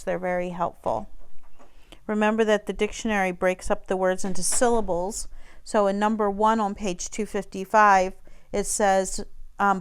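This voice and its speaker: Woman teacher, clear smooth voice, easygoing recorded lesson, chatty explaining. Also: mid-range voice. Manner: relaxed, conversational explaining with frequent fillers. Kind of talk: recorded online lesson walking through a textbook page.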